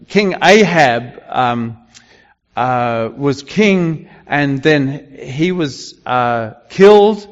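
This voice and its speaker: High-voiced older preacher in an echoing hall. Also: male voice, lo-fi sound. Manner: conversational, with many fillers and restarts. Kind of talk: sermon.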